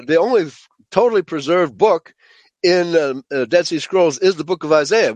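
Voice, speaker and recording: A man with a fairly high voice teaches a Bible study lecture to a group. He speaks emphatically, stresses his points, and keeps checking in with his listeners. The sound is dry and close, with no room echo. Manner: emphatic, checks in with frequent "okay?"; addresses listeners as "folks".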